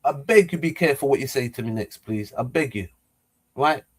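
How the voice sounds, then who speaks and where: A middle-aged man tells a story straight to camera in an excitable, animated way. He stumbles and repeats words and acts out the lines of the people in it. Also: mid-range voice, brisk, slightly rough. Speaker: vlogger.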